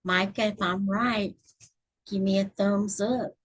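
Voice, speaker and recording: A middle-aged woman from Texas hosts a relaxed live stream, chatting with whoever drops by. She talks at an unhurried pace with a slightly husky voice. Now and then she counts stitches aloud as she crochets. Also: mid-range voice, poor audio. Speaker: channel host reading books. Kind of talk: casual live-stream chat.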